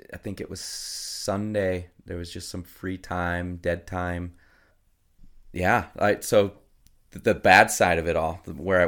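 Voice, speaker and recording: A man in his thirties with a notably deep voice, chatting as a podcast guest. He tells stories about his family casually and animatedly. He jumps into voices for his kids as he goes. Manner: animated storyteller who acts out his kids. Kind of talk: casual storytelling.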